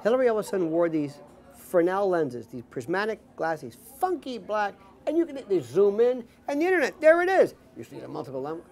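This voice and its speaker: Animated male pundit at a dinner table, swooping pitch, acts out every quote. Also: a little fast. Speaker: political commentator guest. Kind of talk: casual dinner table conversation.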